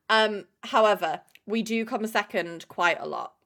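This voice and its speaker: A woman's voice: mid-range voice, measured pace, fairly bright tone. A young woman chatting casually on a live stream, swearing freely and greeting chatters by name.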